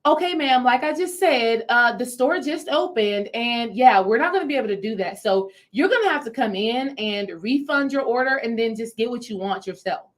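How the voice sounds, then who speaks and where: A woman's voice: on the high side, expressive, moderate pace, hardly any pauses, natural voice. A woman imitating an impatient female store clerk with a clipped, dismissive manner.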